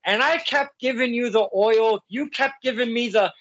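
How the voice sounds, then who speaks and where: This man's voice is very high-pitched, and he talks at a moderate pace with few pauses. Hosting a casual podcast interview, he tells stories animatedly, laughs a lot, and performs the other person's lines. The audio is dull and lo-fi.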